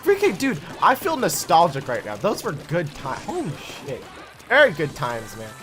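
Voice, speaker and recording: Young male streamer, bright tense voice, lively pitch, faint game music behind. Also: normal speed. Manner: animated, chatty, talks to chat. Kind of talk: casual live-stream chat while gaming.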